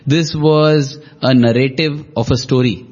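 Man, husky voice, conversational, lo-fi audio. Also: mid-range voice, steady tone, measured pace, darkish tone. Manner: attentive, responds with short affirmations. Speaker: co-host in a devotional talk. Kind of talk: conversational discussion. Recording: dull lo-fi audio.

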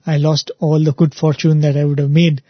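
A man quoting a poor fisherman who laments his lost riches in a soft, low, sorrowful voice. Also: little pitch movement, brisk, slightly rough, no room sound, highs cut off. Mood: lamenting.

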